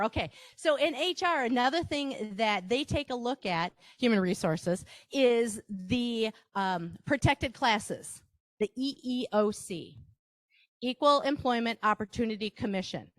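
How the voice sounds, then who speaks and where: A woman's voice: fairly high pitch, no room sound, studio quality. A woman with a Wisconsin accent giving a live workshop presentation, chatty, with asides and rhetorical questions to the audience.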